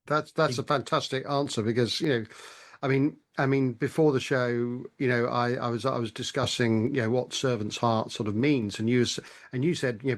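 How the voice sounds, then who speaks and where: A man's voice: mid-range voice, fairly even intonation, normal speed. A man hosting a podcast, framing long, thoughtful interview questions. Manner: thoughtful, many fillers and restarts while framing questions. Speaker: podcast host.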